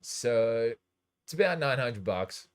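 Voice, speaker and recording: A man's voice: medium pitch, lively intonation, slow. A man hosting a DJ livestream, chatting in a rambling, loose way and swearing casually. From Australia. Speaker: DJ and livestream host.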